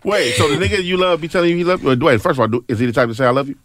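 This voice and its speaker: A man's voice: a little high, animated, racing, a bit bright, no echo. A man hosting a casual podcast chat, telling stories and asking pointed questions. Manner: storytelling, asks pointed questions. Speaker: podcast host.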